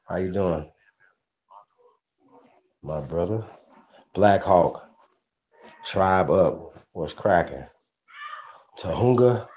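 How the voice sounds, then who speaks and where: A man hosting a casual livestream, greeting viewers by name in a slangy, upbeat way. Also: deep voice. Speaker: livestream host. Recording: dull lo-fi stream audio with faint noise.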